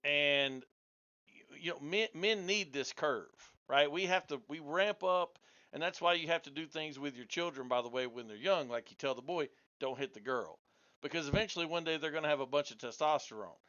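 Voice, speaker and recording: A man's voice: a little high, normal speed, pushed and bright. A man in a heated casual debate, blunt and combative, talking over the others. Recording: dull lo-fi audio.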